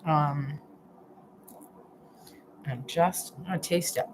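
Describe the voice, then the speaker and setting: A healthy-eating coach hosts a live cooking stream from her home kitchen, chatting casually and thinking aloud as she chops. She restarts sentences and hums happily when tasting. Her voice is low and slow with frequent pauses, and the audio is poor with slight background noise.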